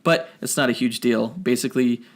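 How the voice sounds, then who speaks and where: This podcast co-host chats casually through a film review, rambling, correcting himself, and getting into nerdy detail. His voice sits at a medium pitch and moves a little fast.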